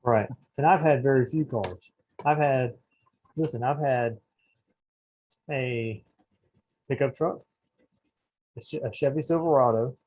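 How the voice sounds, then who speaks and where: A man's voice: medium pitch, unhurried, long pauses, a little mellow, slight background noise, poor audio. A man co-hosting a podcast, talking in a rambling, hesitant way, often searching for words. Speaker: podcast co-host. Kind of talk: casual chat.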